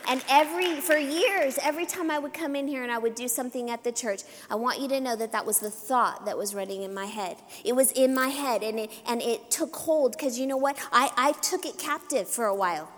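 A woman preacher with a high, girlish voice delivers a sermon in a church sanctuary. She drives her points home with emphatic repetition and calls for amens. Her voice rings out with a long reverb through the large hall. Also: fairly quick, hardly any pauses. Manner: emphatic, repetitive exhortation with call-and-response amens.

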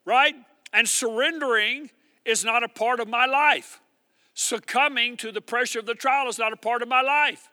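A man's voice: very high voice, moderate pace, sharp tone, no room sound, in a large hall. A male pastor preaching a sermon, emphatic and repetitive, calling the congregation to respond.

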